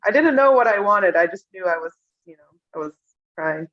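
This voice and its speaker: A young woman recounting emotional personal memories in an interview, tender and often laughing softly. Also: fairly low pitch, quick pace. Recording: dull lo-fi sound.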